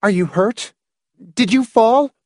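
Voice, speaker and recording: A man's voice: high voice, level tone, slow, a little mellow, breathy edge, dry recording, clean studio sound, pitched above the performer's own voice, heavily acted. A male narrator voicing an anxious young wife who begs her husband, with his voice raised well above his own. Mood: pleading, anxious. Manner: anxious, begging. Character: frightened young wife, pleading.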